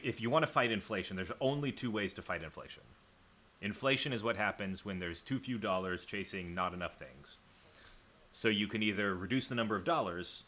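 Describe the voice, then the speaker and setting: A low-pitched man from the American South chats loosely through a livestream, wandering off on asides and correcting himself mid-sentence. His voice is very deep, yet it cuts with a bright, forceful edge, and a faint hiss of noise sits underneath. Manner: rambling, self-correcting, chatty asides to viewers. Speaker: livestream host. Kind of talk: casual livestream chat.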